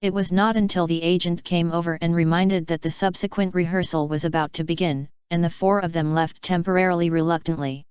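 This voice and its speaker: Female audiobook reader, steady delivery, lowish voice, dull lo-fi sound. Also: a little fast, few pauses, clear, resonant tone, no room sound. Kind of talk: scripted narration. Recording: slightly dull lo-fi recording.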